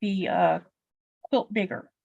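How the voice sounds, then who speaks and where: Chatty livestream co-host, woman, mid pitch, dry and close, talks in long loose stories. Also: slow, vocal fry, darkish tone, husky, no room sound, dull audio. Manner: chatty, rambling storyteller with many fillers. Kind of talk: casual livestream chat.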